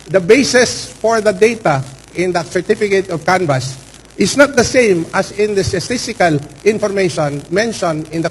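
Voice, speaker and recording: Filipino male lawyer, formal and deliberate, fairly high voice, light background noise. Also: low-quality recording. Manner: measured, formal, repeats for emphasis. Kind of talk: formal hearing statement.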